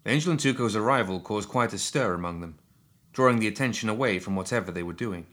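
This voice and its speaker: Low-voiced male audiobook narrator. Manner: steady, measured reading.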